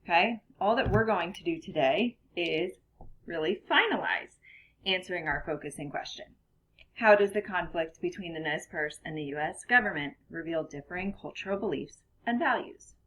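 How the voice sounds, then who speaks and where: A woman's voice: fairly low pitch, animated, normal speed, a bit bright. A young woman teacher talking through a recorded lesson for her students, chatty and full of ums, a little out of breath. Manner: chatty, many ums, self-correcting. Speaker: classroom teacher.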